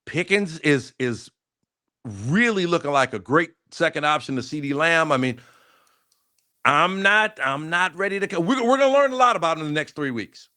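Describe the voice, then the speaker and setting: A man's voice: fairly high pitch, expressive, moderate pace, bright, forceful tone. A man co-hosting a sports talk show, debating football casually and thinking aloud with frequent restarts.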